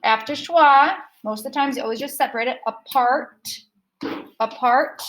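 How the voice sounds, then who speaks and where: A woman's voice: high voice, fast talker, fairly bright tone, poor audio. A woman teaching a recorded phonics lesson, patiently modeling sounds and asking the listener to repeat after her.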